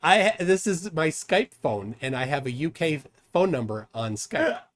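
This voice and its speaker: A man's voice: a little high, sing-song, unhurried. A man hosting a casual livestream chat, teasing his guests and laughing often. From United States. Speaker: livestream host.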